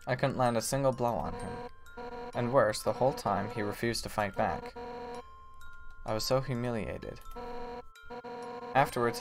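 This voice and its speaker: A man voicing a brash, hot-headed female fish warrior, reading game dialogue aloud in a loud, blunt way. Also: medium pitch, close to an everyday voice. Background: game music.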